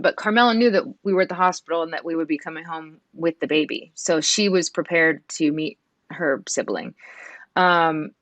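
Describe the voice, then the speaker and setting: A woman in her thirties speaks low and soft, her words dry and close. She talks earnestly as an interview guest, often stopping and restarting her sentences. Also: no room sound. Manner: halting, with many restarts and fillers. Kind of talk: emotional interview.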